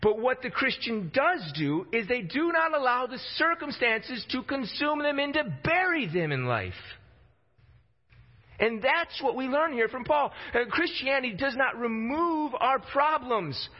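A man's voice: extremely high pitch, big pitch swings, a little slow. A man preaching a sermon in a conversational way, acting out quotes in a casual voice. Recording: dull lo-fi sound with long hall reverb.

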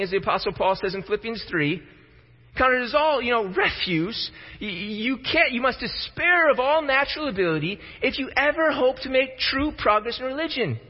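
A man preaching a sermon, emphatic and repeating words as he starts his thoughts. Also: very high-pitched. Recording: reverberant hall, dull lo-fi sound.

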